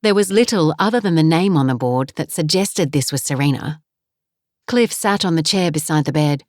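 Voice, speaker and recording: Woman narrating with a dry, lowish voice. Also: no echo. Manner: measured, steady. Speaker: audiobook narrator. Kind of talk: scripted narration.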